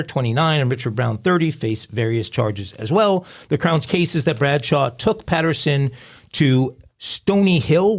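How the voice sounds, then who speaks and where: A man's voice: medium pitch, gravelly. A man co-hosting a crime podcast, reading news stories aloud and adding jokey asides. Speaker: podcast co-host.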